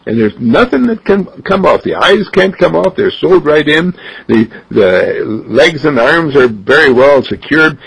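A man voicing a proud young father insisting on his gift, in a gravelly, husky voice. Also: medium pitch, pitched above the performer's own voice, heavily acted. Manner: eager, insistent. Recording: dull lo-fi recording.

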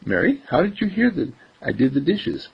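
A man voicing a shy, surprised young schoolboy, raised a little in pitch, on a dull lo-fi recording. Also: big pitch swings, normal speed, vocal fry, slightly rough, full character voice. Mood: bashful surprise. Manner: bashful.

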